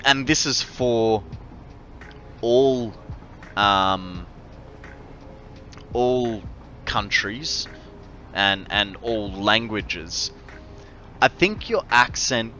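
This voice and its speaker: Australian male game streamer, bright voice, easygoing rambling chat with viewers. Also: medium pitch. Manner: rambling, chatty, friendly to chat. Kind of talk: casual live-stream chat while gaming.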